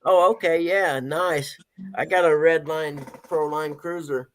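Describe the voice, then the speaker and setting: A man's voice: on the high side, fairly even intonation, measured pace. A middle-aged man hosting a casual live stream, chatting and greeting viewers by name. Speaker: stand-in host of a live stream.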